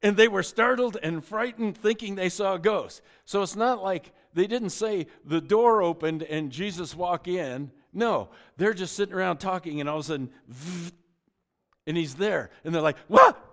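A man's voice: sits high, normal speed, hardly any pauses. A middle-aged man preaching a sermon, telling the story with joking asides and often restarting his sentences. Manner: frequent stammered restarts. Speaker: pastor.

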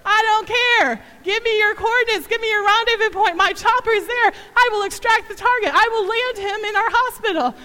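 A woman putting on a tough male chopper pilot who barks short military orders over and over, pitched high and loud as the sound rings through a reverberant hall. He is firm and will not take no for an answer. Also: moderate pace. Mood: barking. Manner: clipped military orders, repeated firmly. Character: commanding gruff male rescue chopper pilot.

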